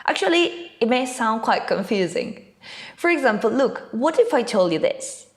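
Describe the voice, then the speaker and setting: A woman teacher presenting a scripted English lesson, her pitch sitting a little high. Her voice rises and falls in a very animated way. She puts clear emphasis on key words. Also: moderate pace.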